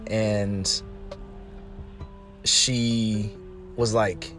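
A man's voice: fairly low pitch, drawn-out words, soft background music. A man speaking casually about relationships, telling stories and acting out what other people said. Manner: animated storytelling, mimicking others.

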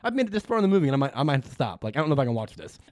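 Man, casual podcast co-host, animated, swears a lot, dry close sound. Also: mid-range voice, racing, no echo. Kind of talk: casual movie recap chat.

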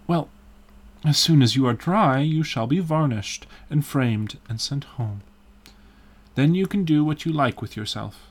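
A man's voice: on the high side, expressive, a little slow, pitched above the performer's own voice. A man voicing an earnest male painter who pleads with his friends in an urgent, emphatic way. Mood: cool.

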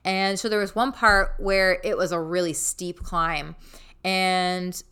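Bright, clear-voiced woman telling a story. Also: on the low side, steady tone, slow. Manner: chatty, many fillers, laughs easily. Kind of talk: casual storytelling.

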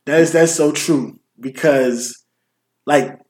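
A man telling stories in casual podcast chat, animated and swearing often. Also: a little high, takes it slowly. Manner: profane, animated storytelling. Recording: roomy echo.

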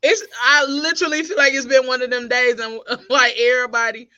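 A woman's voice: sits high, steady tone, sharp tone, highs cut off. A woman co-hosting a casual group podcast, laughing often as she talks. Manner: laughs a lot, drawn-out slow delivery. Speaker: podcast co-host.

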